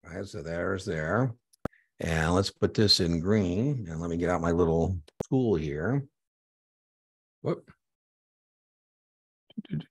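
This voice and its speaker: A man teaching exam prep in a live online lecture, energetic and conversational, punctuating his points with "boom.".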